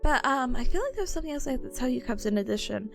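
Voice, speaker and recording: A woman's voice: sits high, animated, rapid-fire, creaky. A woman streamer chatting casually with her viewers, bubbly and giggly, full of fillers. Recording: faint music behind voice. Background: faint background music.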